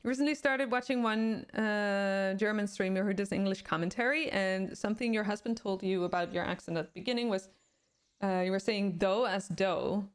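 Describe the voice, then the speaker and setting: A game streamer with a Swedish accent, a native speaker of Swedish, reads live viewer comments aloud and responds in casual conversation. She speaks fairly quickly in a smooth, mid-range voice.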